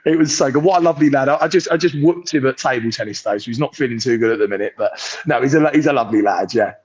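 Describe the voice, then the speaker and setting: A young man chatting casually as a podcast guest on a video call, telling stories excitedly and acting out the voices of the people in them. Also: medium pitch, racing, breathy edge. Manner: excitable storyteller, acts out voices. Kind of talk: casual chat. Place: holiday resort, on a sunbed. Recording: dull lo-fi call audio.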